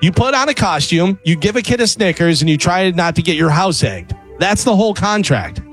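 A man's voice: sits high, very animated, fairly quick, fairly bright tone, faint music behind. A man on a radio show delivering a sarcastic comedic rant with punchlines.

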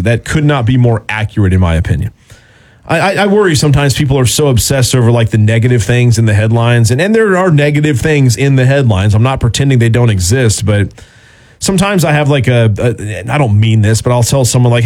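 A man's voice: medium pitch, animated, fast, darkish tone. A man with a Southern US accent hosting a radio talk show, chatting casually and reading listener emails aloud.

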